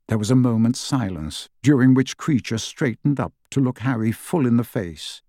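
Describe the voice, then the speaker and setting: Male audiobook narrator, measured and expressive, mid-pitched, dry booth sound. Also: dry recording. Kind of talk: scripted narration.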